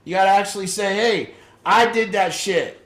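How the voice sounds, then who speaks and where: A man leads a support group for the families of addicts, talking bluntly and swearing freely as he acts out little scenes. His voice sits slightly high. The room around him rings with echo. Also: normal speed, a bit bright. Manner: blunt, profane storytelling with voiced impressions. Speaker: addiction program leader.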